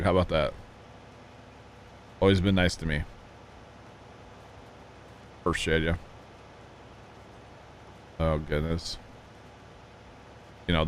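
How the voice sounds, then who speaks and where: Over slight background noise, a man with a low-pitched voice casually chats with his stream audience while playing a farming game. He meanders through folksy anecdotes and side remarks.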